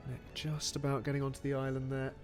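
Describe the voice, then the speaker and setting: A man giving excitable, animated play-by-play commentary on a strategy game. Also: mid-range voice, fast talker, soft background music.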